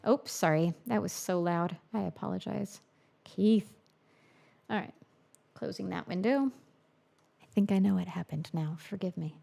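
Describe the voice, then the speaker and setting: Woman producer, casual stream talk, gravelly and dark in tone. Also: on the low side, measured pace, long pauses. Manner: chatty, thinks aloud, reads viewer comments. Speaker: music producer livestreaming. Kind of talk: casual livestream chat while producing. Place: home music studio.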